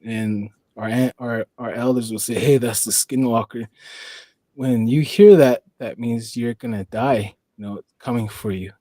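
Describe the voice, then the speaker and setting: A man's voice: mid-range voice, fairly even intonation, moderate pace, few pauses, dark tone, dry recording, rough recording. A man from the Four Corners region of the US, a podcast guest telling a long story in a rambling way and leaning on "you know". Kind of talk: casual storytelling.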